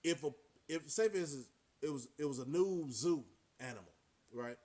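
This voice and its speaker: High-pitched preachy male vlogger. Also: expressive, moderate pace, warm tone. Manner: preachy, rhetorical questions, motivational. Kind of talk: casual monologue to camera.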